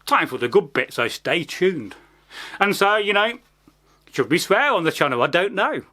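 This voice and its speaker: A man's voice: sits high, very animated, normal speed, sharp tone. A man telling a folk tale casually, rambling with many asides and plenty of swearing. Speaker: storyteller. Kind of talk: casual storytelling.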